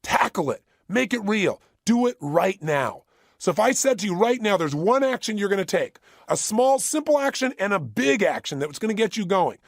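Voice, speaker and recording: This high-pitched, creaky-voiced middle-aged man is a motivational speaker recording an audio program close in a studio, with no room sound. He's very animated and emphatic at a moderate pace, repeating phrases for effect.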